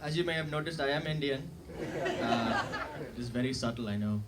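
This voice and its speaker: Young comedian on a laughing club stage. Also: male voice, mid-range voice, a little fast, a loud crowd, heavy background noise. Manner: conversational, self-deprecating, with fillers and asides. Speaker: stand-up comedian. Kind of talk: stand-up comedy set. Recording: live club recording with loud audience laughter.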